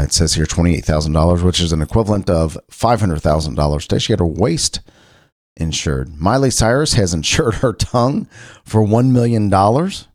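Low-voiced rambling man from Ohio. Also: a little mellow, no room sound, studio quality. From Cincinnati, Ohio. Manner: rambling, loose and conversational, with frequent restarts. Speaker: podcast host. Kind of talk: casual solo chat.

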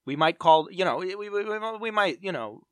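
A man's voice: sits high, expressive, brisk, a bit bright, dry recording, studio quality. A man co-hosting a podcast, chatting in a jokey, theatrical, rambling way. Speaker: podcast co-host. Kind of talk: casual comedic chat.

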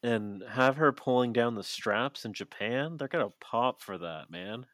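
A man's voice: mid-range voice, a little slow, a bit bright, no echo. A man co-hosting a podcast in casual chat, swearing freely and rambling with lots of fillers. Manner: profane, rambling with many fillers. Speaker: podcast co-host.

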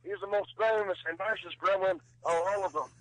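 A man's voice: sits high, fairly quick, a bit bright, poor audio. A man doing an impression of a tough-guy wrestling star, calling in by phone with a brash, teasing drawl. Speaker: caller. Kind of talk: prank phone call impression.

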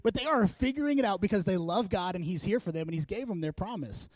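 A high-voiced man preaches fast in a dry recording, a pastor delivering a casual, fervent sermon. Energetic and joking, he laughs frequently and urges his congregation on.

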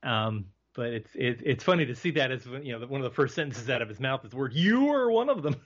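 A man's voice: mid-range voice, fast talker, fairly bright tone. A man talking as a podcast guest, chatty and hesitant, with lots of "um" and restarts. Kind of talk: casual movie discussion. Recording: slightly muffled lo-fi recording.

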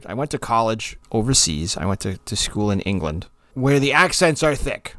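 A man's voice: on the low side, moderate pace, dry recording. A middle-aged man from Massachusetts with a faint Boston-area accent, co-hosting a podcast and telling stories in a chatty way. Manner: chatty, animated storyteller. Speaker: podcast co-host. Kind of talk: casual storytelling.

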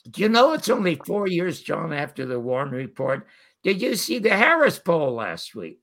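An older man telling animated stories as a guest, quoting the people in them. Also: high-pitched, moderate pace, creaky. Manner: animated storyteller quoting others. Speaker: guest storyteller. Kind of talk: casual interview anecdotes.

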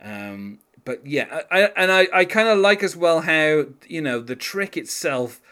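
A man's voice: fairly high pitch, big pitch swings, measured pace, sharp tone, clean tone. Rambling man in casual podcast chat. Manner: rambling, many fillers and restarts; laughs while talking. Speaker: podcast co-host.

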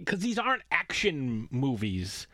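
A man's voice: a little high, gravelly, pushed and bright, no room sound. A man co-hosting a podcast, ranting casually and sarcastically and swearing freely. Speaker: podcast co-host. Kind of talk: casual chat.

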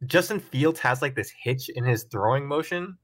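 A man's voice: mid-range voice, expressive, normal speed, a bit bright. A man hosting a casual sports podcast, chatting in a laid-back way and hedging his opinions with lots of "like". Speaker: podcast host.

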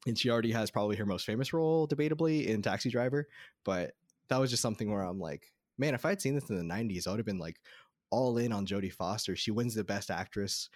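A man with a lowish voice chatting casually about a film on a podcast. He rambles with many fillers and restarts. His voice sounds close and dry. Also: fast talker, dry recording. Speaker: podcast co-host.

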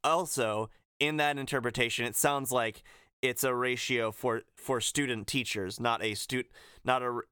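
A man co-hosting a casual podcast in a dry, close-miked room with no echo. He has a middle-pitched voice and talks with dry exasperation. He drags out his gripes for effect. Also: fairly even intonation, bright, forceful tone, clear, resonant tone. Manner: dry, exasperated, drawn-out complaints. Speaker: podcast co-host.

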